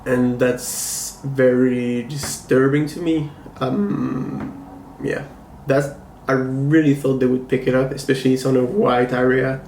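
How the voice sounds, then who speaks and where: A comic book collector who hosts his own channel gives a casual review to camera, measured and critical. He speaks slowly and evenly in a middle-pitched, darkish voice, with a flat delivery showing little rise or fall. The room sounds echoey, with a faint hum of ambience.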